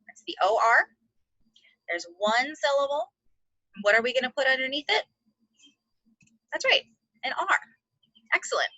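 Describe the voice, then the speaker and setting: A woman teaching an online phonics lesson to second graders, sounding out letters slowly and encouraging the class. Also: sits high, sharp tone, dry recording, highs cut off.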